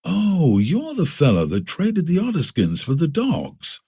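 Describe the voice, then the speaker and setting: A man's voice: a little high, huge pitch swings, unhurried, vocal fry, a little mellow, slightly rough, voice pushed up, heavily acted. Man voicing a wry, seasoned frontiersman. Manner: confiding, explanatory storytelling.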